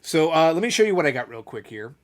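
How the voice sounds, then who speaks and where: A middle-aged man chats casually as a show co-host, spinning a long, meandering anecdote. His voice sits a little on the high side, and he slips into the other people's lines as he retells them. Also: big pitch swings, fast. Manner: rambling storyteller, acts out quotes. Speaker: podcast co-host. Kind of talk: casual chat.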